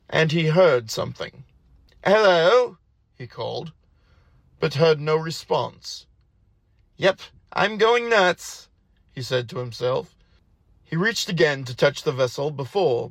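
A man's voice: on the high side, vocal fry, no room sound. Dry, close male story narrator. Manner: steady, even storytelling.

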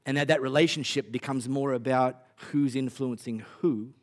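A man's voice: mid-range voice, fairly even intonation, moderate pace, a little mellow. A man with an Australian accent preaching a sermon in a conversational, punchy way with wry humor. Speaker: pastor.

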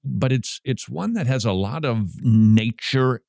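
Animated male Christian radio host. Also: medium pitch, gravelly, no room sound, studio quality. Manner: emphatic, rapid rhetorical questions, wry asides. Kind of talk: preaching talk show segment.

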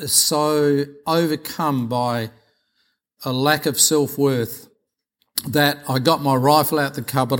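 A man preaching a sermon with personal testimony, earnest and measured, often repeating phrases. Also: mid-range voice, a bit bright.

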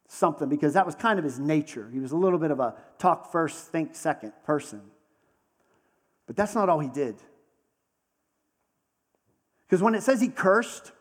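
A man preaching a sermon in a conversational storytelling manner, slowing down for dramatic pauses. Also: a little high, in a large hall. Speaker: pastor.

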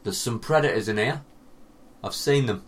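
A man's voice: mid-range voice, moderate pace, slight background noise. A young man with a North East English accent, co-hosting a podcast with dry, teasing banter. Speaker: podcast co-host. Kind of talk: casual chat.

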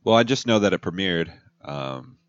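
Chill guy on a podcast, lowish voice, trails off a lot, dull dry audio. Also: lively intonation, moderate pace, no echo. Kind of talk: casual chat.

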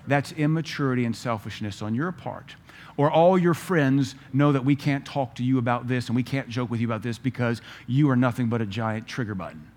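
A man preaching a sermon, firing off rhetorical questions and telling stories with lively energy. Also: medium pitch, fairly quick. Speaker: pastor.

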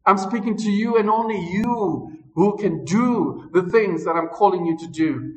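High-voiced preacher, a bit off-mic. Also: male voice, unhurried, a little mellow, recorded from a distance, muffled recording. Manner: emphatic, repeats phrases for stress. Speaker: pastor. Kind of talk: sermon. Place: church service.

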